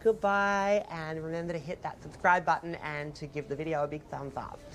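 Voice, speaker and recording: A woman's voice: sits low, fairly even intonation, moderate pace, a little hiss or hum, voice pushed down, natural voice. A woman putting on the voice of a generic YouTuber signing off, in mock-formal outro patter. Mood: mock-cheery.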